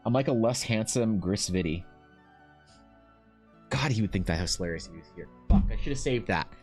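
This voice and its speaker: A young Canadian streamer and artist chats casually on a live stream, reading chat questions aloud and answering them with jokes and swearing. His voice is fairly low, a little mellow, and brisk, with lively intonation and faint music in the background.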